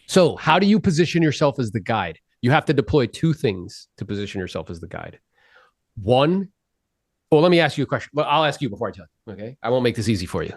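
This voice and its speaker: A man coaching real estate agents on a video call, energetic and blunt, swearing freely and quizzing his listeners. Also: mid-range voice, fast. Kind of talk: live sales coaching session.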